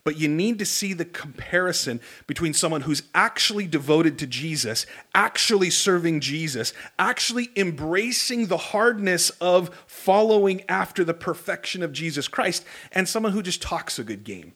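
A male pastor delivers a sermon in a lively, conversational style, slipping in humorous asides. His voice sits a little high for a man. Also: moderate pace, few pauses.

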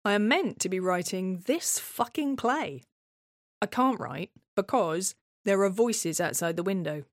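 A woman's voice: mid-range voice, expressive, measured pace, no echo, studio quality. A woman performing a scripted dramatic monologue in a tense, wary, obsessive way. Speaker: playwright and solo performer.

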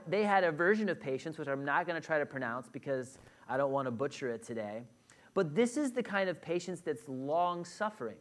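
A man preaching a sermon to a congregation, conversational and direct, often checking in with the room. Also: fairly high pitch. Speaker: pastor. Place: church hall with a congregation.

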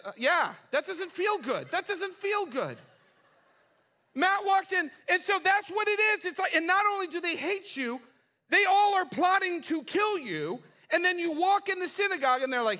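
Animated high-voiced male pastor. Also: normal speed. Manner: animated, casual, humorous storytelling. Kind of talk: sermon. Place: church.

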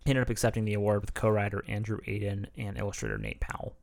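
His voice is fairly low, creaky, and racing along. He's a podcast co-host in a relaxed, chatty conversation, reading facts out loud and breaking in with laughing asides.

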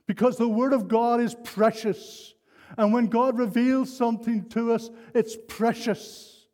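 A man's voice: sits high, dark tone. An older man preaching a sermon, telling a personal story in an earnest, rambling way with many restarts. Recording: long hall reverb.

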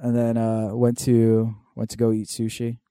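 A young man telling profane, animated stories in casual podcast chat. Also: moderate pace, clear, resonant tone, no room sound, clean studio sound. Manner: profane storytelling, mimics his dad in a loud high voice. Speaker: podcast co-host.

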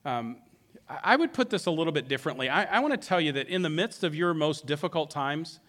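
A man preaching a sermon who acts out the characters' words in an animated way. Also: fairly high pitch, fast talker. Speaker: pastor.

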